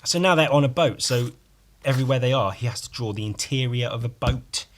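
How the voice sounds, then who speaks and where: A man's voice: mid-range voice, brisk. A man hosting a podcast alone, rambling sardonically with frequent swearing and self-mocking asides. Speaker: podcast host. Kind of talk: casual solo commentary.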